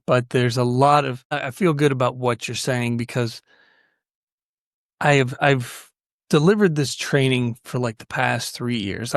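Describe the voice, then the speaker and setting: A man's voice: medium pitch, dry recording, clean studio sound. A man hosting a podcast, telling stories earnestly and with animation, often restarting his sentences. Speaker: podcast host. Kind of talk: conversational storytelling.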